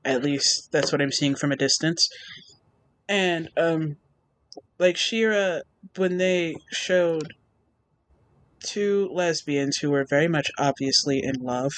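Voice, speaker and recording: A young adult artist, a guest in a casual interview, telling stories in a lively way and acting out past reactions. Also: medium pitch, takes it slowly, long pauses, poor audio. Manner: animated storytelling, acts out own past reactions.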